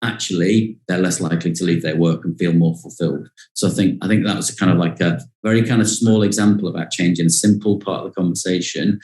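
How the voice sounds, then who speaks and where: A man's voice: sits low, steady tone, quick pace, few pauses, a little mellow, reverberant, low-quality recording. A man, a behavioral science consultant, talking through an example in a conversational interview, with many fillers and repeated words.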